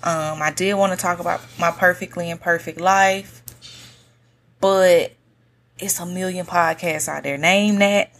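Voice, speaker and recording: Slow, soft-spoken woman podcast host. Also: fairly low pitch. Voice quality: soft monotone voice. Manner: relaxed, slangy, many fillers. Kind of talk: casual solo podcast talk. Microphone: podcast mic on a stand.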